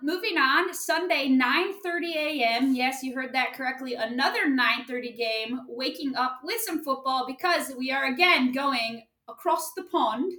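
A woman's voice: sits high, moderate pace, few pauses, bright, forceful tone. Upbeat woman in an echoey room. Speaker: podcast co-host. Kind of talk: casual chat.

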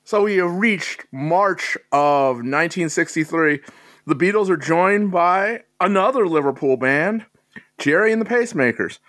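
A man hosts a podcast in casual chat, joking lightly as he hands questions to his co-hosts. His voice sits a little high and the sound is close and dry. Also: a little slow, dry recording. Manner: relaxed, joking host asking co-hosts questions. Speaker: podcast host.

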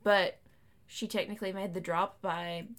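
A woman's voice: medium pitch, little pitch movement, normal speed, fairly bright tone. A woman hosting a casual book-review podcast, chatting with friends, laughing often and reading passages aloud. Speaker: podcast host.

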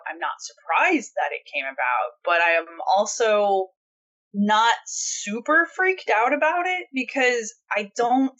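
A woman's voice: mid-range voice, pushed and bright, lo-fi sound. A woman co-hosting a podcast, giving blunt, opinionated and sarcastic commentary in casual discussion. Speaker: podcast co-host.

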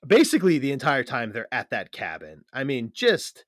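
A man's voice: mid-range voice, wildly swooping pitch, moderate pace, no echo, clean studio sound. Laughing, enthusiastic podcast co-host man. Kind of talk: casual chat.

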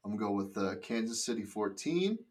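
A man with a fairly low voice co-hosts a casual podcast. He speaks in an easygoing, matter-of-fact manner. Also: very animated, a little fast, darkish tone. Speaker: podcast co-host. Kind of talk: casual chat.

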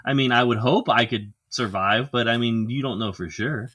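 A man's voice: mid-range voice, moderate pace, a bit bright, no echo. A man co-hosting a podcast, reading out a news story and chatting crudely and jokingly. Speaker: podcast co-host. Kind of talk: casual chat.

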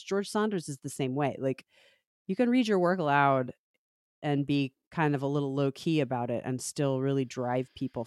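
A woman's voice: low-pitched, no echo, studio quality. A woman author, a guest on a podcast, chatting casually and telling stories with frequent laughter. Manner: laughs often, animated storytelling. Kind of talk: casual interview chat.

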